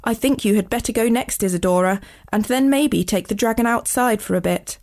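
A woman's voice: fairly high pitch, a little fast, darkish tone, voice pushed up, natural voice. A woman reading aloud, voicing a kindly female schoolteacher who fusses over her class. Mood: coaxing. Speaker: author reading her book.

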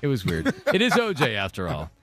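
A man's voice: on the low side, wildly swooping pitch, a bit bright, no room sound. A man hosting sports talk radio, chatting casually and often restarting his sentences. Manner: rambling, halting restarts.

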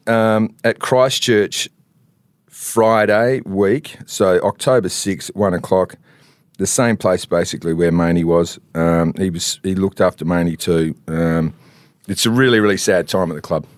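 A man's voice: sits low, fairly even intonation, unhurried, dry recording, clean studio sound. An Australian man co-hosting a sports podcast, telling rambling stories in casual chat with many restarts.

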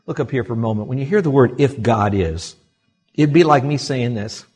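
A male pastor preaching a sermon to his congregation, swinging between loud exclamations and quiet asides. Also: mid-range voice, animated, a little fast, slightly rough, soft background music. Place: church sanctuary.

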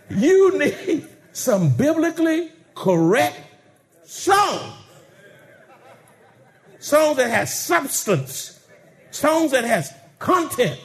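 A man preaching a fervent sermon, chanting hymn lines and shouting to the congregation. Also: extremely high pitch, very animated, drawn-out words, pauses often.

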